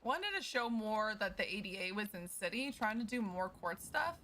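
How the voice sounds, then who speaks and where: A woman streamer chatting casually out of character to her viewers, animated, swearing freely and laughing through her frustration. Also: mid-range voice, moderate pace, slight background noise, poor audio. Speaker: streamer playing a lawyer in roleplay.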